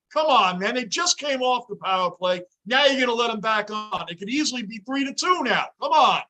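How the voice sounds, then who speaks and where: A man hosting a livestream from his home basement, reacting to a hockey game and greeting viewers in chat, often yelling at the play. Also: very high-pitched. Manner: excitable, yells at the game. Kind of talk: live game reaction with chat shout-outs.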